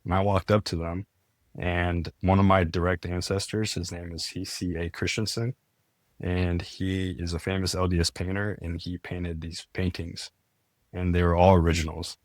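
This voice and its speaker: A man's voice: low voice, little pitch movement, moderate pace, dry recording, clean studio sound. A young man, a podcast guest, telling his story in a casual, earnest way, full of "like" and restarts. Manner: earnest, many "like" fillers and restarts.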